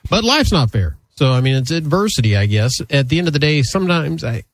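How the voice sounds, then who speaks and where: A man hosts a talk show in a lively, animated voice that rises and falls a lot. He sounds sympathetic and often restarts his sentences. The sound is dry and close. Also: on the high side, fast talker, no room sound. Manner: animated, sympathetic, self-interrupting. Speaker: show host. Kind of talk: casual chat on a legal news show.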